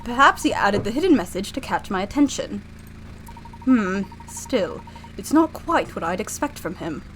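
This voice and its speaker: A woman voicing a calm, polite male professor in an attempted British accent, reading game dialogue aloud. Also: mid-range voice, moderate pace, soft background music, close to an everyday voice, low-quality recording. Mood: courteous.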